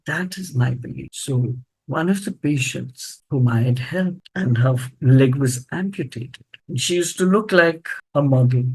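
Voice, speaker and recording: An older woman giving a motivational talk to students, telling her story with earnest storytelling and lively acted-out quotes. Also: rumbling low, breathy edge, low-quality recording. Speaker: motivational speaker.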